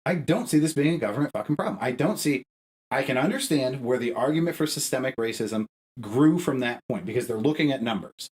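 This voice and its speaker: A man's voice: expressive, brisk, poor audio. A young adult man co-hosting a podcast, arguing a point with heavy swearing, his voice climbing when he gets heated. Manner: profane, emphatic, arguing with rising pitch. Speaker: podcast co-host. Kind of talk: heated casual podcast rant.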